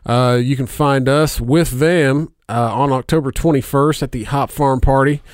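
A man hosting a podcast in casual, profane chat, laughing often and filling pauses with "uh". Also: mid-range voice, steady tone, no room sound, studio quality. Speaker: podcast host.

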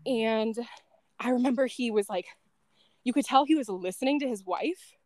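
A woman's voice: a little high, normal speed, darkish tone, no room sound. A woman being interviewed, telling a story casually, with lots of "like" and "um" and small laughs between thoughts. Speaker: guest, former end-of-life caregiver.

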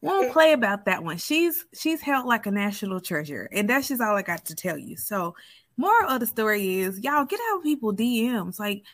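A woman's voice: mid-range voice, moderate pace, no echo. A woman co-hosting a podcast, telling stories in casual chat and laughing often. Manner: laughs often, animated storytelling. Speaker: podcast co-host.

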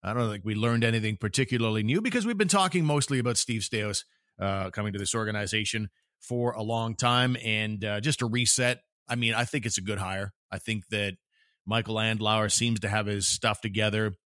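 A man hosting a sports talk show, joking around with a sarcastic streak. His voice sits a bit low, and the sound is close and dry, with no room around it. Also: brisk, a bit bright, no room sound. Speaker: podcast host.

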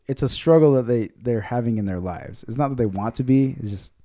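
A man's voice: medium pitch, fairly quick, dark tone. A man hosting a podcast, asking short questions and laughing along with his guest. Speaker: podcast host. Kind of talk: casual interview.

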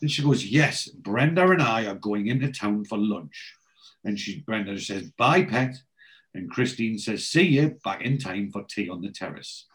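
A man's voice: on the low side, expressive, measured pace, fairly bright tone, poor audio. A man hosting a casual chat, retelling TV scenes and quoting the characters' lines in a storytelling way. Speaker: podcast host.

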